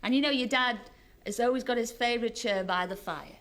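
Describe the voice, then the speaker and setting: A woman in her thirties from Liverpool, England, speaking with a Scouse accent, appears as a celebrity guest on a chat show, chatty, laughing often and poking fun at herself. Her voice is a little high and a bit bright, and she talks briskly.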